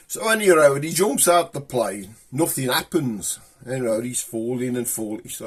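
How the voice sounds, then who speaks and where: Lively Black Country man telling jokes. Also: mid-range voice, moderate pace, hardly any pauses, husky. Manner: rambling, chatty joke-teller. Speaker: host. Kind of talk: comic chat and joke-telling.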